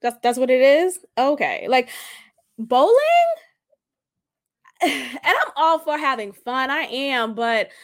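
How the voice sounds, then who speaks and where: A woman's voice: high voice, takes it slowly. A young adult woman hosting a casual solo podcast, talking emphatically and often tagging her points with "right?". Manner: emphatic and animated, keeps asking "right?". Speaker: podcast host.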